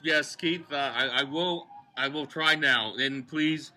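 Bright-voiced joking man in a bar. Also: on the high side, slow. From Delaware, USA. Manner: joking, rambling, swears freely. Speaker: podcast co-host. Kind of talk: casual bar chat.

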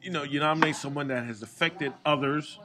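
A man's voice: a little high, a little fast, a crowd in the background. A tipsy man co-hosting a casual bar-talk show, speaking hesitantly with lots of fillers and slight slurring. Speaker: podcast co-host.

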